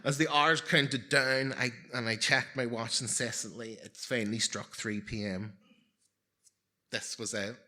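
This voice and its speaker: A man's voice: mid-range voice, steady tone, measured pace, bright, forceful tone. A man in his forties telling a personal story live on stage, with wry, self-mocking humour and comic timing.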